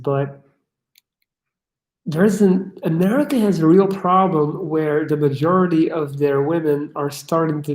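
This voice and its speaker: Reading chat aloud and riffing with blunt remarks and swearing, a young man runs a casual livestream from an echoey room. His pitch is fairly high and his tone a little mellow.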